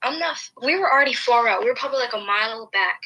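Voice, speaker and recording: A woman's voice: fairly high pitch, very fast, bright, forceful tone, low-quality recording. A young woman telling a personal story in casual chat, rambling along with lots of restarts and fillers. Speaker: podcast host.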